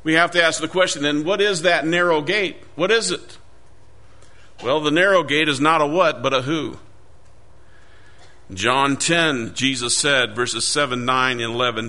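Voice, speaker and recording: A middle-aged man preaching a sermon, earnest and emphatic, slowing down to read scripture aloud. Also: a little high, bright, forceful tone.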